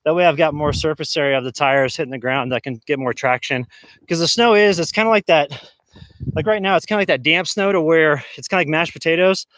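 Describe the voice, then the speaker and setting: A man's voice: on the high side, fast talker, no echo. Rambling man camping in the snow. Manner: rambling, relaxed, lots of fillers and restarts. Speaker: vlogger livestreaming off-grid camping. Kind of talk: casual livestream chat. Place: outdoors in snow and inside a large tent.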